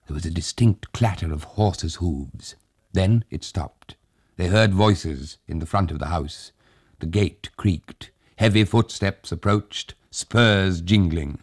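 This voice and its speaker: A man narrating an audiobook in a measured, steady way. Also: low-pitched, husky, no echo, studio quality.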